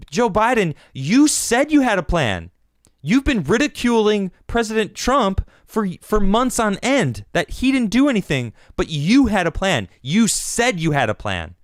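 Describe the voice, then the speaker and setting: Male commentary host, sarcastic ranting monologue, fairly high and very animated in pitch. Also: normal speed, no room sound, clean studio sound. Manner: sarcastic, mocking rant. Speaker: podcast host.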